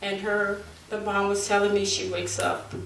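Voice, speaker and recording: Middle-aged woman at a forum lectern, earnest and halting, picked up from across a room. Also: mid-range voice, completely flat delivery. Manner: earnest, halting, turning forceful. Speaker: bereaved mother speaking at a forum. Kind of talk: public testimony. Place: community meeting room. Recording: echoey room, from far off, faint noise.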